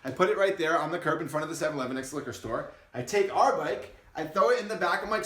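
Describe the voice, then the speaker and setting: A young man telling a story casually to the camera, animated and profane, then explaining his insurance business. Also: on the high side, quick pace. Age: young adult. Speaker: vlogger and insurance agency owner. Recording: roomy echo.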